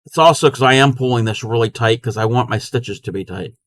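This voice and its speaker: A man chatting casually with his live-stream chat while crocheting, sometimes counting stitches quietly to himself. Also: mid-range voice, fairly quick, no echo.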